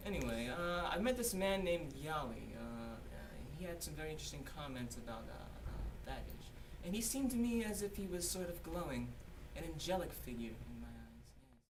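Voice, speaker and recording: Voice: mid-range voice, expressive, normal speed, hardly any pauses, natural voice. A performer doing a self-important male academic author in a mock interview sketch, repeating "yes, yes" as he bumbles. Recorded on a distant mic with background noise. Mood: pompous.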